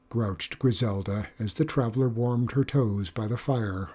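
A storyteller reading a folk tale aloud in a measured, expressive way. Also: mid-range voice. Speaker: narrator. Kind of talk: storybook narration.

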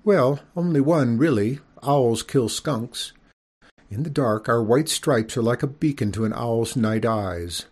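A man's voice: medium pitch, unhurried, a little mellow, slightly rough. A man reading an audiobook, voicing a prim, genteel widowed mother skunk who lectures in a proper manner. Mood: gentle.

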